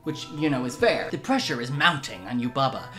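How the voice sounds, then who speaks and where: Sarcastic woman with a lively voice. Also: a bass voice, brisk, faint music behind. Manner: sarcastic, exasperated, animated. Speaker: YouTube commentator. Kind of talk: comedic film critique.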